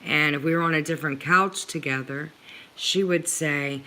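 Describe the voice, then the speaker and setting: A woman's voice: low voice, normal speed, sharp tone. A middle-aged woman speaking earnestly to her viewers about her own experience, close to tears at times. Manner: earnest, repeatedly addressing viewers as guys. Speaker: vlogger sharing personal experience. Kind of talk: emotional personal talk to camera.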